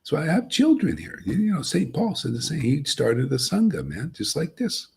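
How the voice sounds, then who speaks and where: A man's voice: on the high side, huge pitch swings, moderate pace, gravelly, a little mellow, slightly rough. A man giving an informal, emphatic spiritual talk to a group, folksy and chuckling, often asking "see?". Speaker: spiritual teacher.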